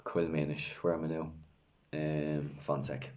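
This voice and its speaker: A man's voice: rumbling low, flat delivery, measured pace, darkish tone. A young man with a Dublin accent, talking candidly and rambling in casual vlog chat, swearing freely. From Ireland. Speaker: vlogger, English language teacher.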